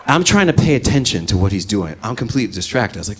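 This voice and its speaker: A man's voice: fairly low pitch, lively intonation, fast talker, hardly any pauses, noisy background. A man doing stand-up, telling a story in a profane, exasperated way. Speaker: stand-up comedian.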